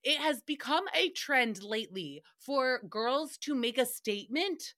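Young woman host, slightly high and bright, gossipy, sweary casual rant. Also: unhurried. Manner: profane, gossipy and animated. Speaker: podcast host.

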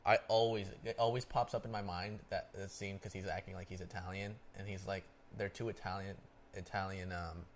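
Young dude cohosting a podcast, low voice, gets animated telling movie stories. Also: male voice, brisk, slight background noise. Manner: animated storyteller who acts out movie lines. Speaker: podcast co-host. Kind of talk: casual chat.

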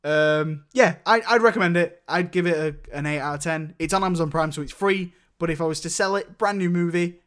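A man's voice: a little high, fairly quick, hardly any pauses, a bit bright, clean tone. A young man in casual chat, reviewing films with a rambling manner and many restarts. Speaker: podcast co-host reviewing films.

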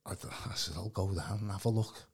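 A man telling his personal testimony in a casual, animated way. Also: sits low, fast, breathy edge. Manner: animated, acts out quoted voices, calls the host mate. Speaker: guest giving testimony. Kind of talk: casual storytelling.

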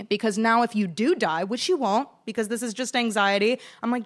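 A woman co-hosting a podcast, chatting casually and telling lively stories, acting out what others said. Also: mid-range voice, a little fast, hardly any pauses. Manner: animated storytelling, acts out quoted voices. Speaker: podcast co-host. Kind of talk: casual chat.

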